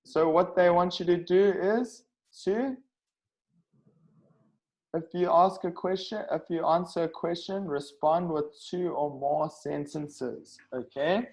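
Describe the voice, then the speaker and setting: A male English teacher leads an online speaking lesson in an unhurried, deliberate way. His voice sits slightly high, and he keeps pausing to make sure the class follows along. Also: darkish tone, rough recording. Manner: patient, repetitive, checks understanding with "okay?".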